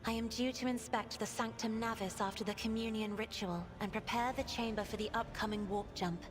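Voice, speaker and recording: Game role: an actress as a poised, aloof noblewoman, highish voice, clear music bed. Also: fairly even intonation, fairly quick, natural voice. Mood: formal. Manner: formal, courteous. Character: refined young noblewoman navigator, polite and aloof. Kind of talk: video game voice acting. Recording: game audio with music underneath.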